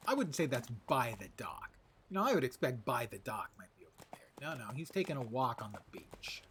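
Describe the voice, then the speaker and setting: A man's voice: mid-range voice, sing-song, a little fast, a bit bright, a little hiss or hum. A man streaming an online game live, narrating his play with wry muttered asides.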